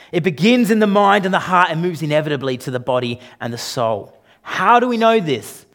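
A man's voice: expressive, a little fast. A man preaching a sermon as pastor, emphatic and conversational, often putting questions to the congregation. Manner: emphatic, rises and drops in pitch and loudness for emphasis.

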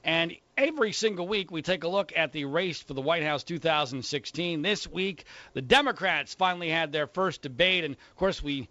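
A man's voice: on the high side, moderate pace, hardly any pauses, pushed and bright, no room sound, lo-fi sound. A man hosting a political radio talk show, opinionated and sarcastic.

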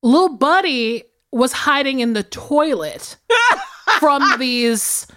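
A woman co-hosts a podcast, telling a film's story in loose, lively chat. Her voice sits on the higher side and swoops widely as she talks, with cursing along the way. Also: takes it slowly. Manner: animated, swearing, big laughs. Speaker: podcast co-host. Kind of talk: casual chat, recapping a film.

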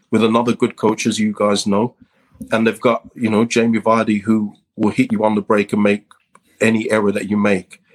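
Man, low husky voice, guest in football chat, measured, steady reasoning. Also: poor audio.

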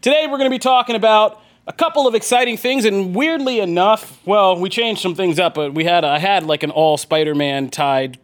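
A man's voice: high voice, brisk, few pauses. A man hosting a podcast in casual chat, joking and rambling with fillers. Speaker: podcast host.

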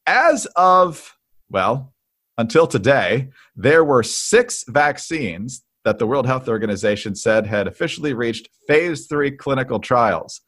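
Male podcast co-host reading the news. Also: medium pitch. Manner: steady, reads news items then poses questions. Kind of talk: political commentary chat.

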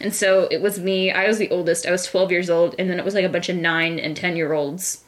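A woman's voice: lowish voice, fairly even intonation, brisk. A young woman co-hosting a podcast, telling a long embarrassing story in a casual, self-mocking way and laughing often. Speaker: podcast co-host.

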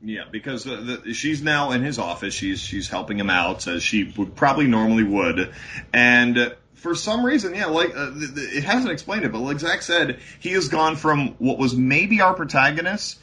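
A man co-hosting a podcast, talking over a film in an emphatic, somewhat halting way. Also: mid-range voice, animated, sharp tone. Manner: emphatic, a bit halting with restarts. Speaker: podcast co-host. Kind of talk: casual movie recap chat.

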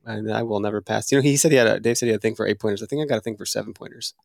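A man hosting a podcast, telling a story in casual chat in a self-mocking, animated way and swearing freely, recorded in a studio. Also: fairly low pitch, racing, gravelly, no echo. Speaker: podcast host.

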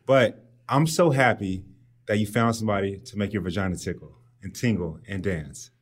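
A man's voice: fairly low pitch, normal speed. A man who works as a sex coach, joking in a casual podcast chat and telling stories in quoted voices.

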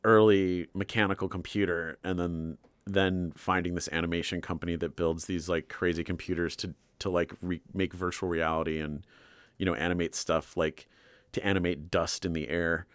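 Deep-voiced man chatting on a podcast. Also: flat delivery, smooth, no echo. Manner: rambling, laughs often, drawn-out asides. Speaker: podcast co-host. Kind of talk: casual chat about art.

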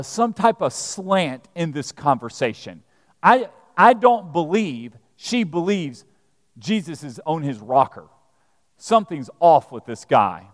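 Man preaching, conversational storytelling, high expressive voice, long hall reverb. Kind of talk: sermon.

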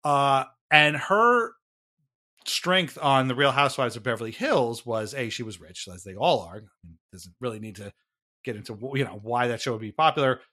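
A man talks casually on a podcast, his voice bright and forward at a middle pitch. He explains things in a chatty, wry way and often breaks off to restart a thought. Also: animated, normal speed. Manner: chatty, wry, laughs at himself, trailing restarts. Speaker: podcast co-host explaining a reality show.

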